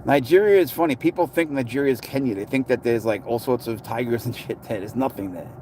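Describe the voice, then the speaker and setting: A man's voice: medium pitch, fast, darkish tone, slight background noise. A man chatting casually in a blunt, sarcastic way, answering viewers' comments on a livestream. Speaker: pet owner streaming to viewers.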